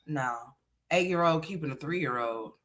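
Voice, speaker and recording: A woman hosting a laid-back livestream, her voice pitched fairly low yet bright and forceful. She chats loosely with her viewers and breaks off to talk to her child. The delivery is informal and conversational. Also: lively intonation, a little slow, slight background noise. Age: adult parent. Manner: chatty, talks to viewers and her son by turns. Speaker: livestream host. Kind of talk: casual livestream chat.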